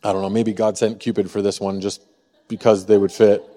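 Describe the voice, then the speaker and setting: A man from Missouri preaching a sermon as pastor, in a conversational way, often asking the room a quick "right?". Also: lowish voice, flat delivery, warm tone, in a large hall. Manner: conversational, frequent rhetorical "right?". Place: church sanctuary.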